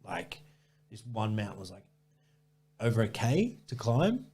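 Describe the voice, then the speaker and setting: A man's voice: on the low side, sing-song, a little slow, darkish tone, breathy edge. A man telling a long running story in a casual interview, rambling and swearing, with many restarts. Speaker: ultrarunner guest.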